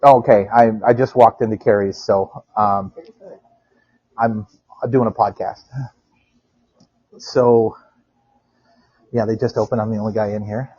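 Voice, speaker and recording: A man with a lowish, steady, warm voice speaks a little slowly, pausing often, with a breathy edge and no echo. He's co-hosting a podcast over the phone, rambling through stories and laughing often in casual chat as he walks outdoors and then into a quiet bar. The phone-call audio sounds dull and lo-fi.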